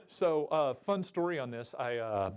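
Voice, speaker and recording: A man's voice: medium pitch, expressive, a little slow, smooth. A man giving a jokey, chatty seminar talk at a convention and asking the audience questions. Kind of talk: live presentation to a room.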